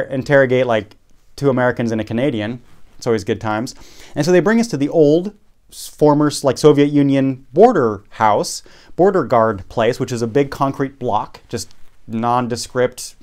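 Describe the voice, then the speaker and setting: A podcast host casually telling a travel story, rambling, correcting himself and making wry asides. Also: male voice, mid-range voice, a little mellow, clean tone.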